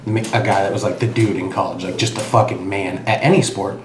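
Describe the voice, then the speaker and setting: A football coach with a low voice talks quickly in casual podcast chat, self-deprecating and profane. An echoey room carries his voice over a clear background noise. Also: fairly even intonation.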